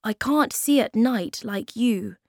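A woman voicing a gentle, earnest young male troll in a storybook reading, with an eager, slightly raised voice. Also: fairly high pitch, slow, vocal fry, no echo, clean studio sound, voice pushed up, exaggerated voice.

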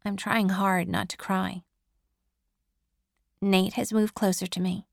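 A woman reading a first-person story aloud in a calm, measured way. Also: mid-range voice, vocal fry, no room sound, clean studio sound. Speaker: audiobook narrator. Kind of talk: scripted first-person narration.

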